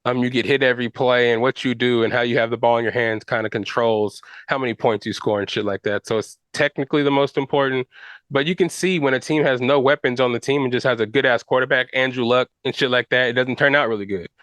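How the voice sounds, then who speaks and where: A man's voice: mid-range voice, steady tone, quick pace, a bit bright, dry recording. A man hosting a podcast, talking football casually in slang with fillers and restarts. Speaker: podcast host. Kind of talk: casual sports chat.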